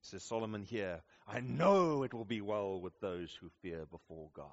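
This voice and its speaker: A man's voice: fairly low pitch, expressive, normal speed, highs cut off. A man preaching a sermon to his congregation, earnest and pleading, sometimes pressing hard with questions. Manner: earnest, rising to intense questioning then softening. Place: church service with congregation.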